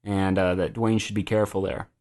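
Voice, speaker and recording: A man's voice: low-pitched, little pitch movement, fairly quick, darkish tone. A man hosting a casual podcast chat, steering the recap and quizzing his co-hosts. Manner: leads the recap, prompting co-hosts with questions. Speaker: podcast host.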